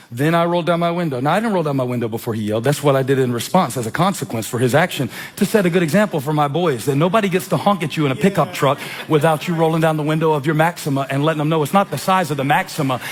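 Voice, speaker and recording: A man, preaching a sermon in an animated, self-mocking storytelling manner. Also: fairly high pitch. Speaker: pastor. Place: church.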